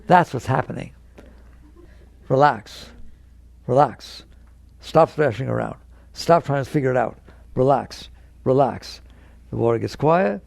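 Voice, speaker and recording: A man's voice: mid-range voice, lively intonation, measured pace, gravelly, long pauses, a little mellow. A man giving a spiritual lecture to an audience, speaking emphatically, repeating key words and acting out inner voices with a chuckle. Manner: acts out inner voices in quotes. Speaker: spiritual teacher.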